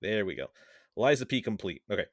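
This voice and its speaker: A man's voice: lowish voice, very animated, brisk, no echo, studio quality. A man hosting a casual podcast, rambling, correcting himself mid-sentence and swearing offhandedly. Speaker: podcast host.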